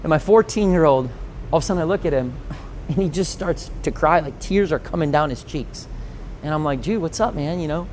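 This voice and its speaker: A man in his forties, a pastor teaching a conference session, telling stories with lively acted-out quotes and frequent laughter. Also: a little high, a little fast, slight background noise. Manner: animated storytelling, acts out quoted voices, laughs often.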